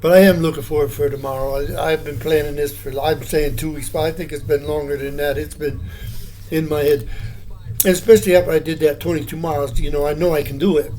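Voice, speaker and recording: A man's voice: on the high side, steady tone, fast talker, dark tone, slight background noise. An older man talking casually to the camera in a meandering, plainspoken way, with many fillers and restarts. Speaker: vlogger. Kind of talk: casual rambling monologue.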